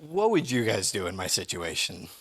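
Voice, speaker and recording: A man's voice: low-pitched, big pitch swings, normal speed, a bit bright, slightly rough. Rambling storytelling male pastor. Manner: rambling, self-interrupting storyteller. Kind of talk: sermon with personal story. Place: church.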